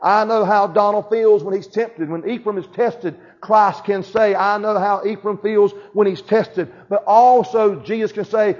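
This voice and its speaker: A man's voice: sits high, fairly even intonation, normal speed, hardly any pauses, darkish tone, dull audio. A man preaching a sermon, building emphasis and calling for responses from the congregation.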